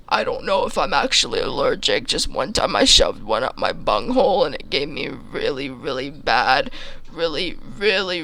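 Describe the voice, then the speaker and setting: A man's voice: a little high, vocal fry, pushed and bright, dry recording. A man telling an absurd comic story in a rambling way, with many restarts. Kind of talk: comedic storytelling.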